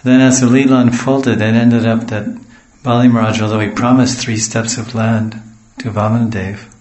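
A man's voice: medium pitch, level tone, moderate pace, darkish tone, roomy sound, rough recording. A man from the West giving a storytelling sermon as a spiritual teacher, wandering into homely asides and acting out what people say. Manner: digressive, homely asides, acts out quotes.

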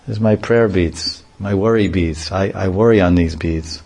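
A man's voice: deep voice, moderate pace, a little mellow. A man giving a devotional talk, telling humorous anecdotes and often chuckling. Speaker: devotional preacher. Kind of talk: lecture with acted anecdotes.

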